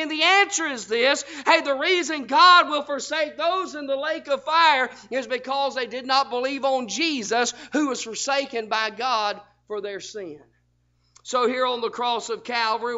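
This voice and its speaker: Pastor, emphatic sermon delivery, sharp bright voice, dull recording. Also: male voice, very high-pitched. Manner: fervent, emphatic preaching with frequent "hey". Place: church sanctuary.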